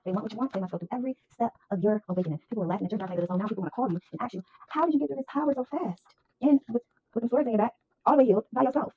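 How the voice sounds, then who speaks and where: A woman reading tarot cards for her viewers in an emphatic, rapid monologue, calling them y'all. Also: mid-range voice, breathy edge, no echo. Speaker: tarot reader. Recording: tinny phone-like sound.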